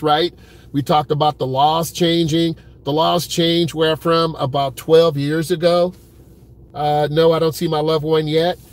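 A driving vlogger chats with his viewers in an easygoing live stream from a car in an airport pickup lane. His voice is fairly high, and he stays laid-back, direct and conversational, talking straight to the audience and repeating "keeping it real."

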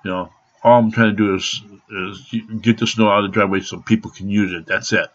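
Brief: angry male vlogger, husky, swears constantly, lo-fi recording. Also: on the low side, steady tone, brisk. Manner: profane, rambling, bursts of shouting. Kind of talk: angry rant to camera.

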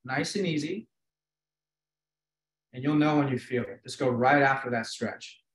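A man's voice: mid-range voice, steady tone, a little fast. A man hosting a live webinar, coaching hip exercises in an encouraging, easygoing way. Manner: encouraging, easygoing, repeats cues.

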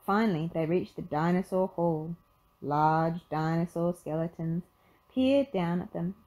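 This is a woman with a lowish voice giving an expressive storytelling reading of a children's picture book. She keeps a measured pace, though the audio is poor.

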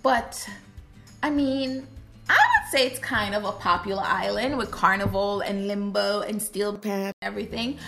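A woman from Trinidad and Tobago chatting casually to her viewers in a vlog, animated and lively. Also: medium pitch, moderate pace, creaky, faint music behind. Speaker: YouTuber. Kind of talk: casual vlog chat to camera.

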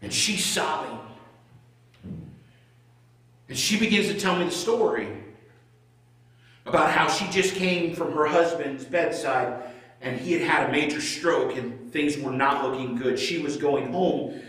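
A middle-aged male pastor preaching a sermon as a conversational story, swinging between loud and hushed. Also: a little high, moderate pace. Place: church sanctuary. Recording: echoey church room, voice from far off.

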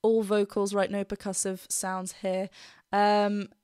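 A woman's voice: mid-range voice, monotone, slow pace, darkish tone, smooth, no room sound, clean studio sound. A woman vocal coach giving enthusiastic, technical reaction commentary, gushing over what she hears and humming along. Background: the song she is reacting to plays behind her.

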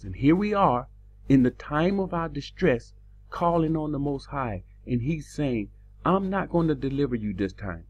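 A man's voice: sing-song, moderate pace, darkish tone, slightly rough. A man teaching a sermon from scripture, reading verses aloud and repeating phrases for emphasis. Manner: pitch rises sharply when emphatic. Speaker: preacher. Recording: dull lo-fi recording.

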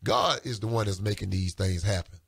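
A man co-hosting a radio talk show, talking in an emphatic, colloquial and animated way. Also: lowish voice, a little fast, vocal fry, husky, no room sound, clean studio sound. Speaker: radio co-host. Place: radio studio.

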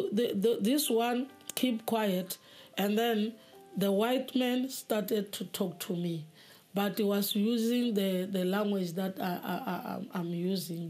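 A woman telling her personal testimony in a halting way, often repeating words as she goes. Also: medium pitch, darkish tone. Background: faint music.

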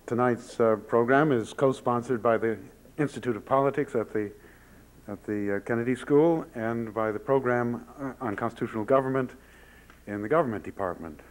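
A man introducing a lecture speaker, halting often with many fillers. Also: medium pitch, poor audio. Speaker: event moderator. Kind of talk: formal introduction. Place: lecture hall.

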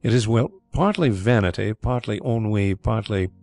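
A man voicing a calm, dryly ironic gentleman detective in an audiobook, speaking in a measured way. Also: lowish voice, dry recording, soft background music, close to an everyday voice. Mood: reflective.

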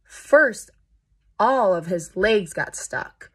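A woman's voice: mid-range voice, expressive, takes it slowly, slightly rough. A woman reading a children's picture book aloud at storytime, adding playful sound effects and chatting to young listeners between pages.

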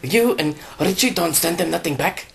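A man's voice: a little high, expressive, moderate pace, vocal fry, background noise. A man voicing a self-important fairy godmother woman who scolds in a formal tone. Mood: scolding.

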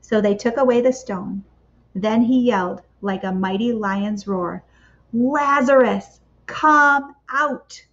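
Expressive woman reading a children's story. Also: mid-range voice. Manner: expressive, measured storytelling with dramatic pauses. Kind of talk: reading a picture book aloud to children. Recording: slightly dull lo-fi recording.

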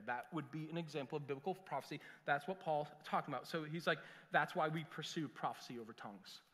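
A middle-aged pastor preaches a sermon, his voice sitting high and bright with a sharp, forceful edge. He tells animated, jokey stories and slips into quick voices for the people he quotes. The sound rings out with the long reverb of a church sanctuary.

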